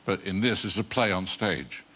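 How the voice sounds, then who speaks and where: Deep-voiced older man telling dry stories. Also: lively intonation, normal speed, bright, forceful tone, breathy edge. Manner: dry, wry anecdotes told with a chuckle. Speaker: guest actor. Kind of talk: talk show interview. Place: TV studio with live audience.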